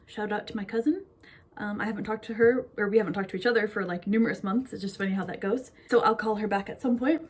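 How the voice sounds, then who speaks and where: A woman's voice: medium pitch, fast talker, husky. A young woman from Minnesota chatting casually and bubbly to her phone camera, rambling with lots of fillers. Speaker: vlogger. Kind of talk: casual chat.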